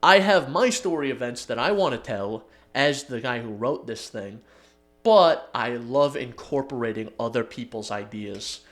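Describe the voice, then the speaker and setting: A man co-hosting a casual podcast, his pitch sitting in the middle range. He rambles through stories, laughs often, and slips into little acted-out quotes. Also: animated, normal speed. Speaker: podcast co-host.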